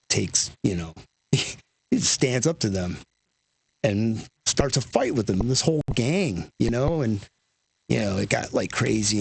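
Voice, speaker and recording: A man's voice: fairly low pitch, creaky, a little mellow, breathy edge, no echo. A man guest, a lead singer, telling stories in casual conversation, rambling and full of "you know" and "like".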